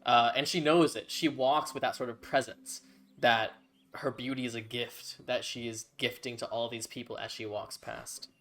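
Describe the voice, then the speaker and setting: A man acts as game master for a tabletop game, narrating in a casual, rambling way. His voice is mid-range and a bit bright, with a steady tone and moderate pace.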